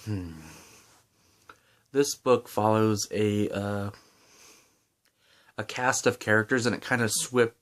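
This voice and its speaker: A man giving a casual, enthusiastic book review with lots of fillers and restarts while chewing gum. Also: fairly low pitch.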